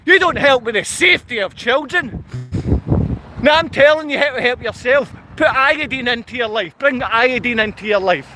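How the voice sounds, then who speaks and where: Ranting high-voiced man. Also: moderate pace, noisy background. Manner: confrontational, berating, repetitive. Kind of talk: angry livestream rant.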